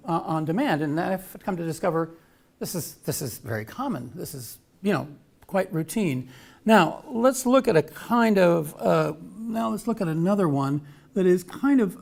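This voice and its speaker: A man giving an informal academic talk with slides, chatty and full of restarts and asides. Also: a little high. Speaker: lecturer.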